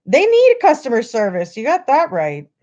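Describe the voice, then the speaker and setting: A woman's voice: fairly high pitch, wildly swooping pitch, normal speed, darkish tone, lo-fi sound. A woman hosting a livestream, ranting at her viewers in a frustrated, profane way. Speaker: livestream host.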